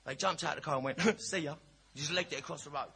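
A man's voice: on the high side, rapid-fire, creaky, sharp tone, husky. A man giving a frank, humorous personal testimony at a recovery meeting. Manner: candid, storytelling, cheeky humour.

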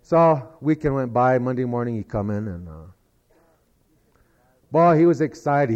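A man's voice: mid-range voice, lively intonation, a little slow, long pauses, a little mellow, dull audio. Folksy man spinning a long joke. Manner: folksy, rambling storytelling with many "he said" asides. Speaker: storyteller.

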